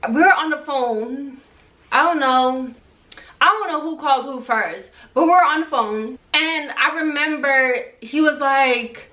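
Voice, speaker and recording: Young woman, high voice, casual storytime vlog, animated and exasperated, roomy echo, a bit off-mic. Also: distant mic. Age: young adult. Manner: animated, exasperated retelling with quoted back-and-forth. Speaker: vlogger.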